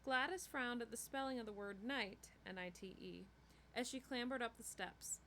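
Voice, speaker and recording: A woman reading a novel chapter aloud in a steady storytelling way. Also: on the high side, moderate pace, a little hiss or hum. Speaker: book reader.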